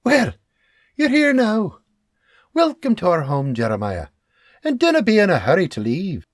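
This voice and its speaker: A man's voice: sits high, huge pitch swings, moderate pace, no room sound, studio quality, voice pushed up. A man doing a gushing young mother. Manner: exclamatory, gushing. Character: young woman, mother of a newborn, warm and excitable.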